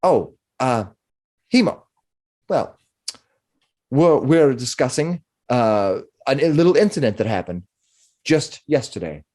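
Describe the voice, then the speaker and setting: A man's voice: medium pitch, lively intonation, slow, pauses often, darkish tone. A man voicing a stern, insistent woman leader who demands action. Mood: explaining. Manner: insistent, pushy.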